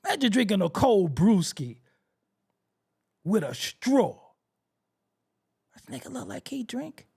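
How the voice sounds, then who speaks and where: A man's voice: a little high, vocal fry, darkish tone, slightly rough. A man hosting a hip-hop commentary show, ranting brashly with profanity and frequent laughter. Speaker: host.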